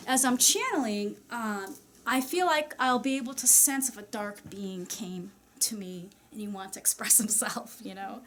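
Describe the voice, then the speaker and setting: A woman's voice: on the high side, slight background noise. A woman channeler speaking to an audience in a casual, chatty way, full of fillers and small laughs. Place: society meeting room.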